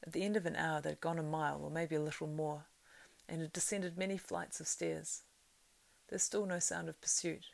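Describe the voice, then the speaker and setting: A woman reading a novel aloud, keeping a steady storytelling pace that swells louder in the action. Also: sits low, normal speed, vocal fry. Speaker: reader.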